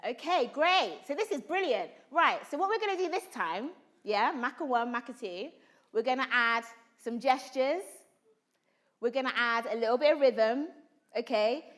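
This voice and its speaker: Animated woman coaching a room. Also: sits high. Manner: animated, calls out to the room, asks questions. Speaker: actor leading a drama workshop. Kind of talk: lively workshop coaching. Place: large room with a live audience.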